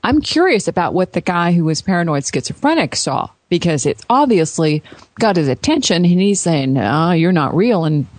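A woman's voice: fairly low pitch, sing-song, normal speed, darkish tone, no room sound. A woman interviewer asking questions in a hesitant, effusive way, with frequent laughs and restarts. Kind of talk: conversational interview.

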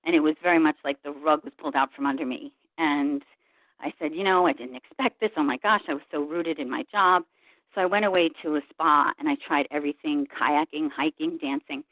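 A woman's voice: low-pitched, a little fast, no room sound. An earnest woman shares a long personal story as an interview guest, slipping into the voices of the people she describes. She comes through a tinny telephone line with no room sound around her. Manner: earnest, reflective, retells scenes by voicing others' words. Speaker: guest, Reiki practitioner.

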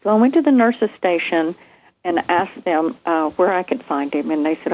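A woman, a former nurse, telling a vivid story from her training in a lively conversation. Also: lowish voice, normal speed, highs cut off, slight background noise. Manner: animated, vivid storytelling with acted quotes. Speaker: guest, nurse.

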